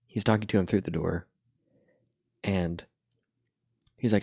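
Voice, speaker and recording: A man's voice: low-pitched, fairly even intonation, a little slow, gravelly, long pauses, a little mellow, husky, no echo, clean studio sound. A man chatting casually while drawing, retelling a cartoon episode in a laid-back, rambling way.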